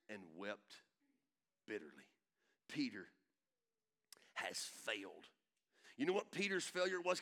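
A middle-aged man preaching a sermon, acting out voices and swinging from hushed lines to loud swells. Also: on the high side. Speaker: pastor.

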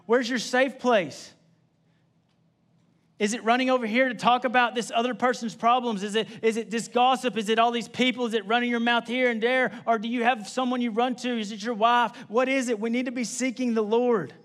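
High-voiced young man preaching casually. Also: fairly even intonation, brisk, a bit bright. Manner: casual, repetitive preaching with conversational asides. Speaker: pastor. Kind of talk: sermon.

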